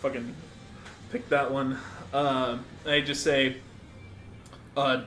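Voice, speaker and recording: A man's voice: mid-range voice, little pitch movement, takes it slowly, long pauses, fairly bright tone, soft background music. A man playing in a tabletop game, joking along in a playful way. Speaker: player. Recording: echoey room with faint noise.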